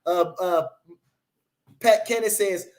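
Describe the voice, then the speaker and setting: A man's voice: sits high, takes it slowly, a little mellow. A man chatting casually on a livestream, reading out comments in rambling, repetitive, profane hype talk.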